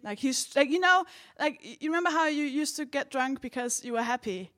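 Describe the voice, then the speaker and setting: A woman co-hosting a live comedy show, telling an animated stand-up story and laughing along as she goes. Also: high voice, brisk. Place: live comedy venue with audience.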